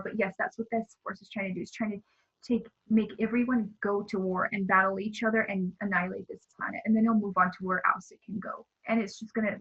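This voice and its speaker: A woman speaking as a guest in a spiritual interview, earnest and halting, often restarting her sentences. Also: medium pitch, a bit bright, husky, highs cut off.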